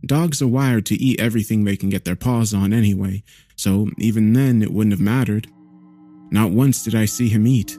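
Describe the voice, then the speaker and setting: A man with a lowish voice narrates a horror story in a measured, somber tone. Faint music runs behind the narration. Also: warm tone.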